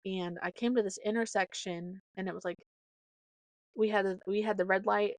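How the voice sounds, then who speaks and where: A young woman from Nebraska hosting a podcast, telling rambling stories in a chatty, casual way with lots of fillers and animated quoted voices. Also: mid-range voice, moderate pace, no room sound. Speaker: podcast host. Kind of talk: casual storytelling monologue.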